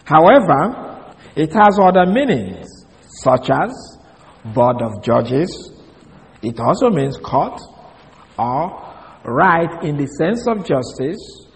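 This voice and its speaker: A man's voice: fairly high pitch, very animated, takes it slowly, creaky, long pauses, in a large hall, rough recording. A man giving a Bible study lecture, explaining step by step and spelling out words letter by letter. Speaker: Bible teacher.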